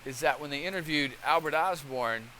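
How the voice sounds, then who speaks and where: A man's voice: fairly high pitch, moderate pace, pushed and bright, slight background noise, poor audio. A man hosting a channel, talking in rambling casual commentary and often checking in with the listener. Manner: rambling, conversational, keeps checking in with okay. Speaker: channel host.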